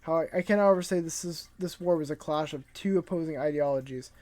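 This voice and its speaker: A man voicing an old male genius scientist from a comic, reading his lines in a formal, lecturing storyteller tone, a little higher and louder than his own voice. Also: fast talker, natural voice. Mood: solemn lecturing.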